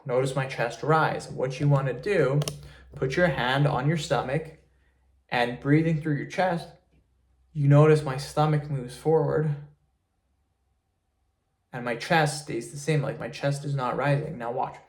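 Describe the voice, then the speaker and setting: A man's voice: mid-range voice, a little slow, long pauses. Man casually giving voice tips. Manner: easygoing, repeats words like "literally" and "really". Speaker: online creator giving tips. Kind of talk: casual talking-head tutorial.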